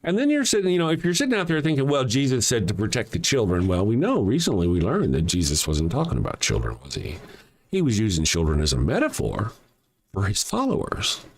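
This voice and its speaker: A man's voice: lowish voice, huge pitch swings, a little fast, breathy edge. A man hosting a solo commentary show, talking in a sarcastic, profane, mocking way. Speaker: host.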